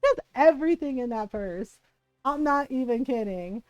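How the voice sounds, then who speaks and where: A woman streamer telling a funny family story in casual chat, animated and laughing often. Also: sits high, normal speed, no echo, lo-fi sound, soft background music. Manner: animated, laughing often, tags lines with "right?".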